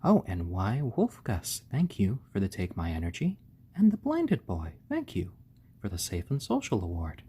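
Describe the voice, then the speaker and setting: A man hosting a casual live stream, talking gently and fondly to his baby chicks and thanking viewers. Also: low voice, huge pitch swings, moderate pace, breathy edge. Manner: gentle, doting, talks softly to the chicks.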